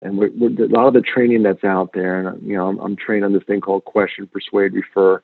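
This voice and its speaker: A man speaking as a guest in an interview, earnest and emphatic, telling stories with lively repetition. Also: on the low side, brisk, gravelly, dry recording. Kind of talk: conversational interview. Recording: tinny phone-line sound.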